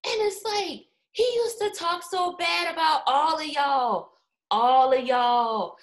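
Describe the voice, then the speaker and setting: High-voiced woman in lively chat. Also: unhurried. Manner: animated, laughing often, profane. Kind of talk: casual chat.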